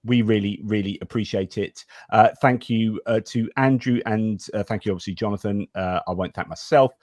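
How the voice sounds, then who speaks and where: A man's voice: lowish voice, normal speed, a little mellow, no echo, clean studio sound. A man hosting a livestream, chatting casually with many fillers and restarts as he reads donor messages and asks questions. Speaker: livestream host.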